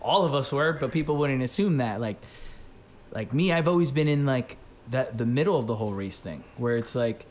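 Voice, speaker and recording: A man's voice: mid-range voice, expressive, brisk, a little mellow, a little hiss or hum. A young man telling a story in casual chat, rambling, swearing, leaning on "like". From Dominican family, raised in the US. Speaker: podcast host.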